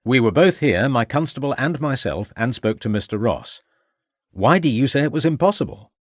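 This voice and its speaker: In this urgent scene, a man plays a Victorian inspector who is brisk and resolute, firing off formal, insistent questions. The voice is mid-range, natural, lively and rising, captured dry and close-miked.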